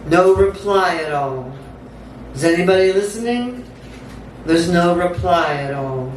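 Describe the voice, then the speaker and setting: Slow incantatory woman poet, echoey theatre. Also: fairly low pitch, animated. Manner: slow, incantatory delivery with repeated words. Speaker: featured poet. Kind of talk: live poetry reading. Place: theatre stage. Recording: echoey theatre, distant mic, faint hum.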